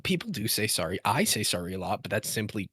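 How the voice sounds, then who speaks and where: A man from Canada in casual chat, speaking haltingly with many restarts. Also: fairly low pitch, very animated, a bit bright, slightly rough.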